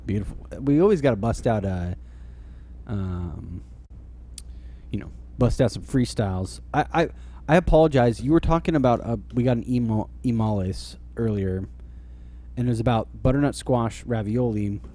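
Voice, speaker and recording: A man's voice: mid-range voice, normal speed, warm tone. A man co-hosting a podcast in easygoing casual chat, often murmuring agreement. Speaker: podcast co-host.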